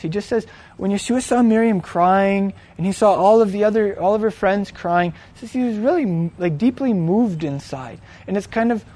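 High-voiced man casually retelling a story. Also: darkish tone. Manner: conversational, filler-heavy, acts out quoted lines.

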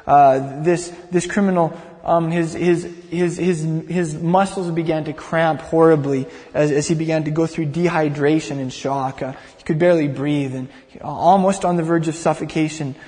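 A man's voice: on the high side, steady tone, normal speed, dark tone. A male preacher telling a story vividly in a sermon, often repeating words as he goes. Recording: long hall reverb.

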